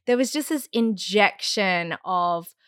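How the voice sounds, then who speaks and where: Animated woman telling a story, dry sound. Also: medium pitch, takes it slowly, smooth, no echo. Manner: animated, acts out quotes and sounds; laughs often mid-story. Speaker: podcast guest. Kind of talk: casual storytelling chat.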